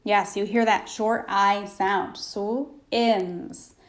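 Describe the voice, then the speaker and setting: A woman teaching a phonics lesson to young children, pausing for answers and praising them. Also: medium pitch, animated. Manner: slow, patient, prompting pauses for answers.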